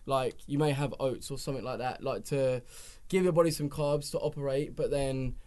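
A young man chatting as a podcast guest, excitable and quick to laugh and shout back when teased. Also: mid-range voice. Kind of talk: casual chat.

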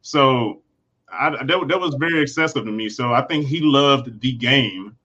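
A man with a bright, forward voice gives his view as a panelist in a casual online discussion. His audio sounds dull and lo-fi, and he explains his points earnestly. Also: mid-range voice, measured pace.

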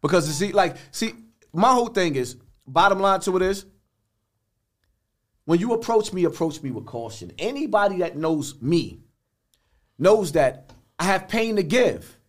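Older new guy on a podcast, blunt street talk, keeps restarting, kinda high voice. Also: very animated, moderate pace, long pauses. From the Bronx, New York. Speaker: guest. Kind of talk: podcast interview.

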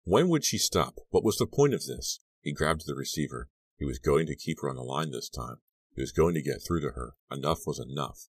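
Male audiobook narrator, very low voice, steady measured read, dry studio sound. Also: no echo. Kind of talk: scripted narration.

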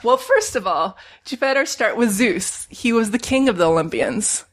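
A woman's voice: a little high, expressive, moderate pace. A woman reading out her own pun poem in a casual chat, laughing at her own puns.

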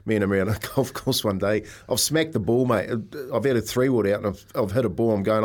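A man's voice: on the low side, quick pace. A man co-hosting a radio show in a studio, telling golf anecdotes in casual chat and laughing often as he goes. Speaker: radio co-host.

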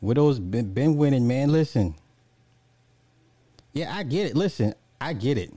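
Reading viewer comments and launching into lively rants, a male live streamer laughs often and swears without thinking. His medium-pitched voice is warm and mellow, a little slow, and recorded dry and close with no echo.

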